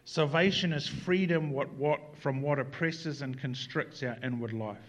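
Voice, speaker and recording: A man preaching a sermon in an earnest way, moving between quiet reflection and animated emphasis. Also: mid-range voice, moderate pace. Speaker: pastor.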